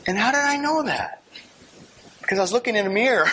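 A man sharing a personal testimony with an audience, storytelling in an animated way, laughing and swinging from hushed asides to excited outbursts. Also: high-pitched, fast, pauses often, slightly rough.

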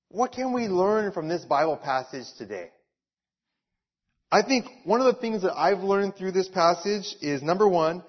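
A man delivers a sermon in a lively storytelling way, leaning on repetition to drive his points home. His voice sits a little high for a man. The recording is dull and lo-fi. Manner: animated storytelling, repeats key phrases. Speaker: pastor. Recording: dull lo-fi sound.

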